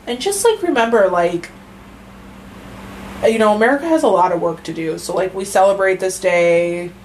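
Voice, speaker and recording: A woman's voice: medium pitch, moderate pace, darkish tone, a little hiss or hum, rough recording. A woman co-hosting a casual true-crime podcast, talking in a rambling, profane way with lots of fillers. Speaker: podcast co-host.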